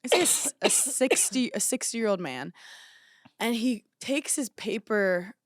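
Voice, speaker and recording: A young woman co-hosting a podcast, telling an animated anecdote in casual chat and breaking into giggles. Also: a little high, a little slow, dry recording, clean studio sound. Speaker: podcast co-host.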